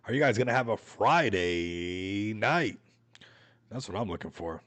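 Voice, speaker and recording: A man's voice: lowish voice, animated, measured pace, a bit bright. A man hosting a casual crypto livestream, rambling and hyped, with plenty of slang. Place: Las Vegas home.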